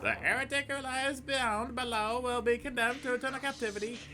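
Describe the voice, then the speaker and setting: A man voicing a sinister male bishop in a shrill, theatrical voice while reading a game's dialogue. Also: fairly quick, background noise. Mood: zealous.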